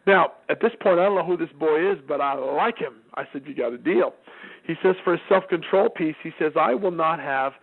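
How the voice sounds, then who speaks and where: A middle-aged man with a gravelly, slightly high voice tells a family story and acts out the voices in it. The sound is tinny and narrow, like a phone line. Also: a little fast. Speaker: parenting speaker. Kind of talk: storytelling talk.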